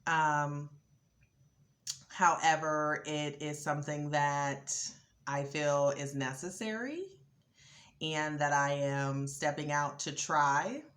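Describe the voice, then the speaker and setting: Woman vlogger, low voice, slow easygoing chat, lots of ums. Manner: relaxed, lots of ums, rising excitement. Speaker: vlogger host. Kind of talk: casual talk to camera.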